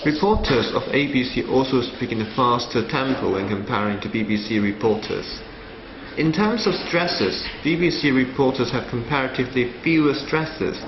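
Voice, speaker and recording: A male student presenter reading a scripted analysis in a measured way. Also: medium pitch, animated, background noise. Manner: reads a prepared analysis in a measured way. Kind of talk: scripted narration. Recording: roomy, slightly dull sound with faint ambience.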